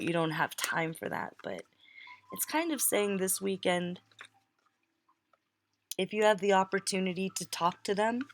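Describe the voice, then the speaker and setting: Chatty, giggly woman reading tarot. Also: on the low side. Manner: chatty, laughs easily, breaks off mid-word. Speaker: tarot reader.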